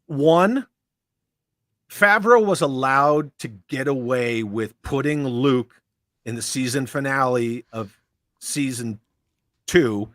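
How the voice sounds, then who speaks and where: A man in casual conversation on a livestream, laid-back and quick to swear. His voice sits at a middle pitch and the sound is dry, with no room around it. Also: expressive, fairly bright tone, dry recording. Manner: laid-back, profane, riffing. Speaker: co-host reading chat comments.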